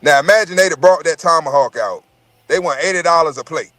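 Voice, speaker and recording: A man's voice: a little high, brisk, a bit bright, dry recording. A man in casual chat, telling profane, rambling stories and repeating his words as he goes.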